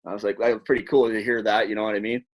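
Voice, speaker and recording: A man's voice: fairly low pitch, very fast. A man, a former hockey player, telling long rambling stories on a podcast in a casual, profane way. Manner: rambling, profane, animated storyteller. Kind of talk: casual storytelling.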